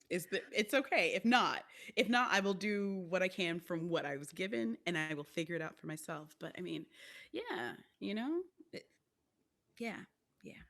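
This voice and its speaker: Brief: woman theatre artist as podcast guest, lower voice, rambling and playful. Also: moderate pace. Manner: rambling, animated, playful asides. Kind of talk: casual chat.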